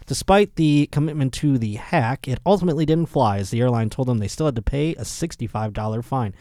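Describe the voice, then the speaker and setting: A man's voice: mid-range voice, brisk, mellow, no room sound, clean studio sound. A man hosting a comedy podcast, reading odd news stories with crude, mocking asides and frequent laughter. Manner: puts on voices for quoted people. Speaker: podcast host. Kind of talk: casual comedic news commentary.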